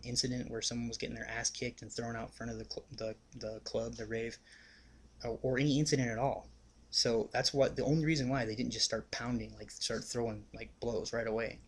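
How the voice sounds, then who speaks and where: A young man spinning a rambling story in a plain, mid-pitched voice. He swears freely and fills every gap with "like" and "you know", talking the way he would to friends. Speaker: vlogger. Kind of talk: casual storytelling.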